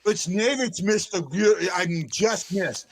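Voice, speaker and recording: A man hosting a live fan show, excitable and given to shouting and chanting. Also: high voice, measured pace. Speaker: host of a fan livestream show.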